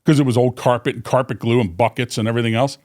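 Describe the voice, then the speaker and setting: A man's voice: medium pitch, racing. A man in his fifties, a company vice president, casually telling stories on a podcast with many fillers and restarts. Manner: rambling, many fillers and restarts, animated when quoting. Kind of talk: casual storytelling in a podcast interview.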